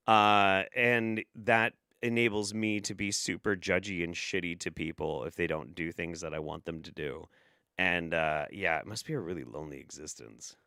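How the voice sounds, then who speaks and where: A man's voice: low voice, vocal fry, bright, forceful tone, clear, resonant tone, no echo, clean studio sound. A man hosting a casual commentary show, sarcastic and rambling, swearing often. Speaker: host.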